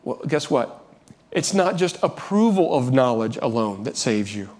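A man's voice: mid-range voice, big pitch swings, measured pace, a little mellow. A man preaching a sermon as pastor, earnest, often restarting and repeating phrases, rising when he urges.

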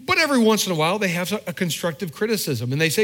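A man's voice: high-pitched, lively intonation, fast, few pauses, a bit bright. Candid, conversational male pastor preaching. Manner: conversational preaching with acted-out quotes; self-deprecating, candid. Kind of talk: sermon.

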